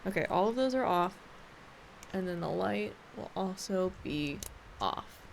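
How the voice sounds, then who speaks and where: A woman's voice: fairly low pitch, lively intonation, unhurried, vocal fry, a little hiss or hum. A woman streamer chatting casually and rambling while she plays a game. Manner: rambling and chatty, with many fillers.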